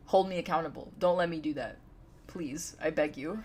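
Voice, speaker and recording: A woman's voice: low voice, moderate pace, darkish tone. A woman live-streaming a game from home, chatting and giggling as she talks straight to her chat. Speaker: livestreamer.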